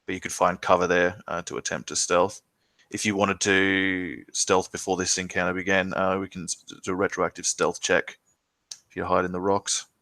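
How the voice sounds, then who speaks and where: A man's voice: sits low, flat delivery, normal speed, pushed and bright, no room sound. A man narrating as game master of a tabletop game, describing scenes with frequent filler words.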